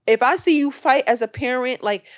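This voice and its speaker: Animated young woman podcast co-host. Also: high-pitched, normal speed, no echo, clean studio sound. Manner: animated storytelling, acts out quotes loudly. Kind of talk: casual chat.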